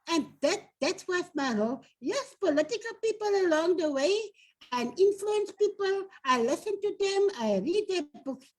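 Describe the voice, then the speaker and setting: A woman's voice: very high-pitched, low-quality recording. An older woman with a South African accent, a union leader telling earnest stories from her past in an interview. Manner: earnest, reminiscing, animated storyteller. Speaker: domestic workers' union leader, guest. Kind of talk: personal storytelling in an interview.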